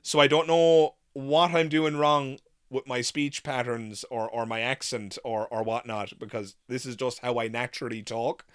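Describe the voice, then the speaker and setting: A man's voice: medium pitch, fairly bright tone, clear, resonant tone, no room sound, studio quality. An Irish man hosting a live Q&A stream, chatting with viewers in rambling, exasperated rants with swearing. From Ireland. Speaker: livestream host.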